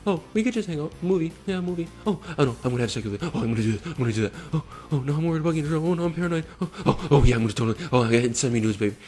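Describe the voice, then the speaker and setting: A mocking, high-pitched caricature of a boastful grown man, as a man puts him on. The voice whines in a sarcastic sing-song, and it sits well above his own pitch. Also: lively intonation, rapid-fire, few pauses, darkish tone, faint music behind, lightly acted.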